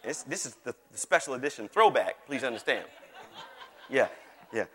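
Joking pastor preaching. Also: male voice, mid-range voice, sing-song, normal speed, a bit bright, slight background noise. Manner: folksy, joking, calls for congregation responses. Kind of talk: sermon. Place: large church hall. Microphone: microphone on stage. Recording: long hall reverb.

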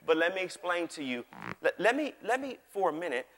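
A man's voice: high-pitched, sing-song, fairly quick, a bit bright. A man preaching a sermon as pastor, folksy and joking, calling on the congregation to answer back. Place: large church hall. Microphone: microphone on stage. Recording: long hall reverb.

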